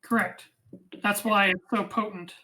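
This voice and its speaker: A woman running a tabletop game as game master, narrating the action and reading out rules in a casual, quick way. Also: medium pitch, fairly even intonation, sharp tone, rough recording.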